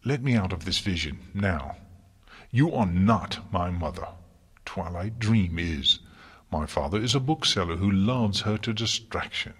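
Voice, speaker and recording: A man's voice: sits low, measured pace, a bit bright, breathy edge, exaggerated voice. A man voicing a defiant young mare scholar who speaks in a cold, snarling fury, in an audiobook reading. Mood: furious.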